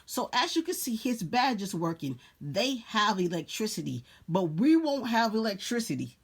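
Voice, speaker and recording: A woman reads a story aloud at a slow pace and breaks off often to comment on it in a casual preaching way. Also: mid-range voice, big pitch swings, slightly rough.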